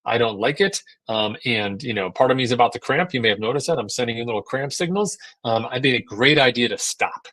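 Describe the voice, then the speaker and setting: A man's voice: mid-range voice, a little fast, hardly any pauses, a bit bright, dry recording, lightly acted. A man voicing an athlete's own tired body as it grumbles through a list of complaints. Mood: complaining.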